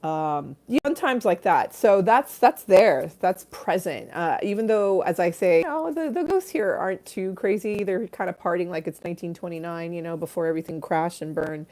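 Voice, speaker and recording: Ghost stories are the topic as a middle-aged livestream host chats away in a voice a little low for a woman, with a darkish tone. Her pace is moderate with few pauses, and her intonation is lively. She laughs a lot and slips into other people's voices when recounting what they said.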